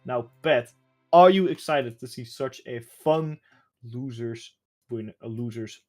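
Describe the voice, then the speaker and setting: A man with a Dutch accent giving lively, excitable play-by-play commentary as an esports caster. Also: medium pitch, slow, faint music behind.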